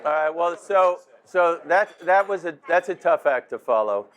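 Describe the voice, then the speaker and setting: A man's voice: fairly high pitch, animated, moderate pace, muffled recording. A middle-aged man, father of the groom, telling a rambling, laughing story in a wedding toast. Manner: chatty storyteller, laughing, many restarts. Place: restaurant dinner.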